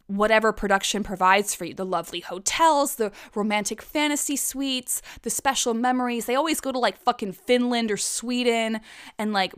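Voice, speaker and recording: A woman's voice: mid-range voice, a bit bright, clear, resonant tone. A woman hosting a casual solo podcast, ranting in a profane, sarcastic way. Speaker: podcast host.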